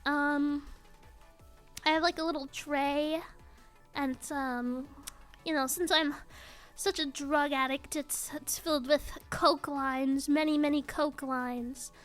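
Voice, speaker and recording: A high-pitched, bright-voiced woman rambling casually on a stream. She talks slowly and drawls, laughing and teasing herself between thoughts. Faint music plays in the background. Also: steady tone. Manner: giggly, self-mocking, jokey rambling.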